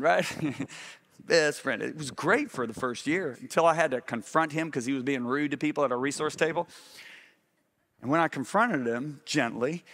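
Middle-aged male preacher, slightly high-pitched, animated sermon delivery with constant questions to the congregation.

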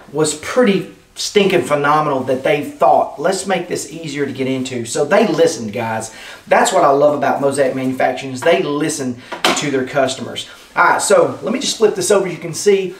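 An enthusiastic man rambles through a casual unboxing, chatting to his viewers like friends. His voice sits a little high for a man. He stands back from the mic in an echoey indoor room. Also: recorded from a distance. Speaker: product reviewer. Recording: roomy sound, off-mic.

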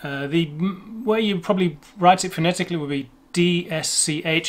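A man hosting a casual language lesson, explaining at a relaxed pace and thinking aloud as he goes. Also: a little high, moderate pace, hardly any pauses. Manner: chatty, thinks aloud, restarts phrases. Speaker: language video host.

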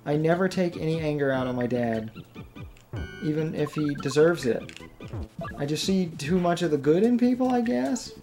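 A man's voice: on the high side, lively intonation, normal speed, dark tone, soft background music. A married man, a let's play gamer, rambling and venting about his frustrations while playing, rattled and a bit self-deprecating. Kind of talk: venting commentary while gaming.

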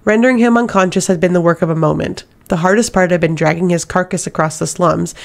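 A woman narrating a fantasy novel as an audiobook reader, in a steady, even reading voice. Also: on the low side, fast, creaky.

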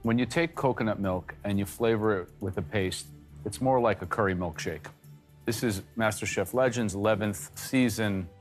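Brief: male judge, lowish voice, blunt and harsh, music bed. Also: moderate pace. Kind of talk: judging on a cooking show. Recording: music bed under speech.

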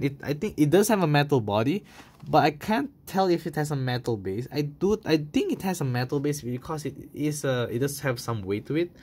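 A young man casually reviewing toy cars in a chatty, enthusiastic vlog style, full of fillers. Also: mid-range voice.

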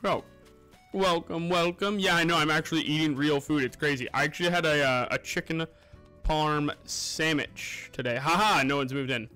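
A man's voice: fairly high pitch, moderate pace, pushed and bright, clear, resonant tone. A young man streaming a game live, chatting casually and greeting viewers by name as he plays and eats. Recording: music playing underneath.

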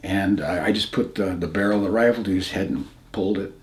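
A man in his seventies from the United States, telling war memories in an interview in a halting, plain-spoken way, often restarting, his voice going hushed at grim moments. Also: sits low. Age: 70s. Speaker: veteran interviewee. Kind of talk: recounting combat memories in an interview.

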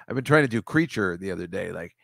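A man's voice: sits low, lively intonation, quick pace, vocal fry, fairly bright tone, dry recording. A man hosting a comedy podcast, riffing casually with rambling, profane, sarcastic asides.

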